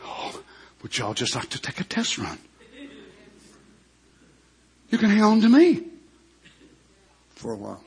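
A preacher voicing a gentle mother eagle, who coaxes her young in a soft, hushed, slow, low voice. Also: wildly swooping pitch, vocal fry, husky, exaggerated voice. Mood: coaxing. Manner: slow and tender.

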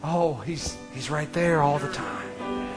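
A man preaching an impassioned sermon, swinging from ringing declarations to hushed near-whispers and repeating his phrases for emphasis. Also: on the high side, fairly even intonation, takes it slowly. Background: faint music.

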